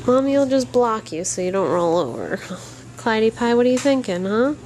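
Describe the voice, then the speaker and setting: A young woman, a mother filming her babies at home on a handheld camera, talks to them in gentle, cooing baby talk. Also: a little high, sing-song, moderate pace. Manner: sing-song, cooing, gentle. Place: home living room.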